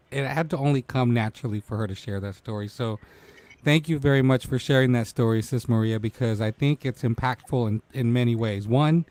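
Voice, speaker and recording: A man's voice: mid-range voice, dry recording. Emotional man in his forties hosting. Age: 40s. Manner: emotional, tearful. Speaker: talk show host. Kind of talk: casual live-stream chat.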